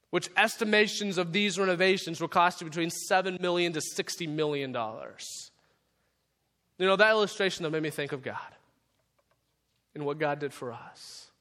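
A male pastor preaching a sermon in a church, passionate and shifting between loud and soft. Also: high voice, long reverb tail. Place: church sanctuary.

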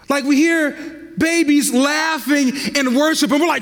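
High-voiced preacher in a reverberant hall. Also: male voice, a little slow, gravelly. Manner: impassioned preaching, swinging from loud to hushed. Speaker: pastor. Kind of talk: sermon. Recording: long reverb of a large hall.

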